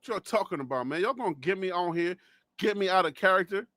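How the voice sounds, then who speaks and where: A man from Liberia ranting on a live sports stream, animated and mocking, dropping to low asides and rising to shouts while losing his voice. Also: quick pace, no room sound, studio quality. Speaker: sports commentator.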